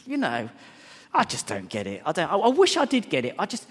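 A man preaching in a church, his high voice rising and falling with lively sweeps. He tells stories with animation, dropping to quiet asides and then ringing out. The sound carries a long hall echo. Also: brisk, husky. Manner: animated, storytelling, swings between hushed and loud. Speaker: pastor. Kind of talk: sermon.

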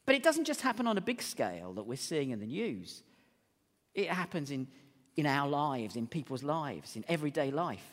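A middle-aged man preaches in a hall where his voice rings out with a long echo. He speaks high and with wide, lively swings in pitch. He moves from ringing, emphatic declarations to quieter, conversational stories. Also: normal speed, vocal fry. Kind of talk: sermon.

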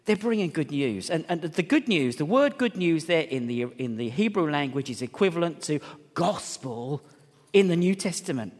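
A man preaching in a church, his high voice rising and falling with lively sweeps. He tells stories with animation, dropping to quiet asides and then ringing out. The sound carries a long hall echo. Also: moderate pace. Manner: animated, storytelling, swings between hushed and loud. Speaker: pastor. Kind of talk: sermon.

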